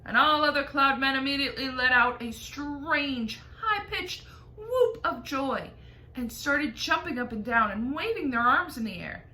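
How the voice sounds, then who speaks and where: A woman teacher reading a chapter book aloud with lively storytelling. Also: sits high, a little slow. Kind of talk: expressive read-aloud. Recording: echoey room, faint noise.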